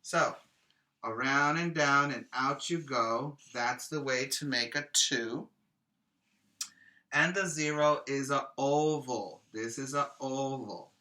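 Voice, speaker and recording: A male preschool teacher leads a virtual lesson for small children, his medium-pitched voice pushed and bright. He speaks slowly in a coaxing sing-song, asking questions and repeating words for the kids.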